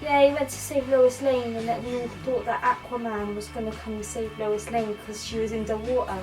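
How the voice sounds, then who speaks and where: A woman's voice: a little high, level tone, brisk, music in the background, rough recording. A woman doing a rambling, slangy comic film review.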